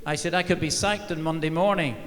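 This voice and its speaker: A man's voice: a little high, fairly even intonation, fairly quick, a bit bright. An older man, a former football manager, telling wry, dryly funny stories on stage. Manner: anecdotal, wry, dry humour. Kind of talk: live on-stage storytelling. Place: large arena stage. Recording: long reverb of a big hall.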